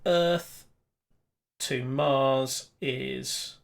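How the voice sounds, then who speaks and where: Halting, casual game master. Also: male voice, mid-range voice, steady tone, creaky, a little hiss or hum. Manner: casual, halting with fillers and restarts. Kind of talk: running a tabletop game stream.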